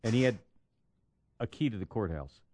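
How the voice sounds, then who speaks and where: A man's voice: fairly low pitch, expressive, moderate pace, mellow, slight background noise. A man hosting a casual morning radio show, telling rambling stories into a studio microphone. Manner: rambling storyteller with restarts.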